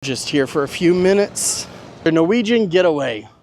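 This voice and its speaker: A man's voice: fairly high pitch, animated, normal speed, darkish tone, slight background noise. A man who works as a travel agent, chatting casually through a travel vlog as he walks around a cruise port, pointing things out with upbeat asides. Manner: chatty, upbeat tour-guide commentary with easy asides. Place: outdoors at a cruise port shopping area.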